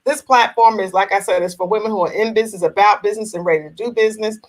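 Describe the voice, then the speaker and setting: Speaking fast in a mid-range voice, this New Jersey woman runs a laid-back live talk show by video call. She's talkative and supportive, full of affirmations, though the audio is poor.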